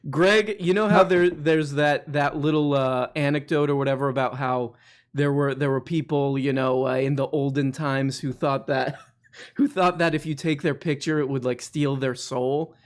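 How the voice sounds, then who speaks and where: A man hosts a live call-in stream, rambling and joking with callers in casual chat full of "like" and restarts. His mid-range voice stays steady at a normal speed.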